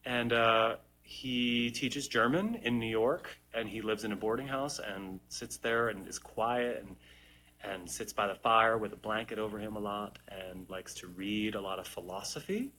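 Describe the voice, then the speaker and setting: A man's voice: lowish voice, steady tone, a little slow, sharp tone, a little hiss or hum. A young adult man, a stage actor, chatting casually through viewer questions on a live stream. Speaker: musical theatre actor.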